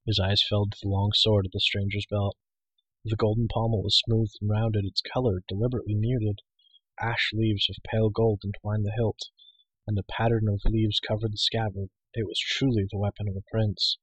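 A man narrates an audiobook in a steady, even storytelling manner. His voice is low and husky. The recording is dry and close on the mic. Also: normal speed, no room sound, low-quality recording.

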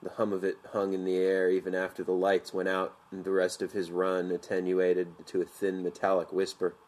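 Guy with a really deep voice reading a story out loud, measured and vivid. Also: monotone. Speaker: narrator. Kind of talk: audiobook narration.

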